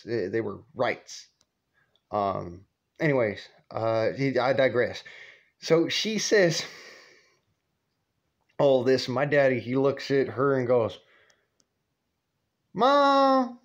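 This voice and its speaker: A man casually telling a personal anecdote, rambling and digressing with profanity and chuckles. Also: mid-range voice. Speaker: storyteller. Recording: muffled lo-fi recording.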